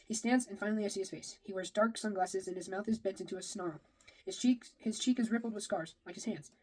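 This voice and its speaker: A woman's voice: mid-range voice, quick pace, warm tone, poor audio. Woman reading a novel aloud. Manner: first-person storytelling with occasional slips and rereads. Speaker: reader.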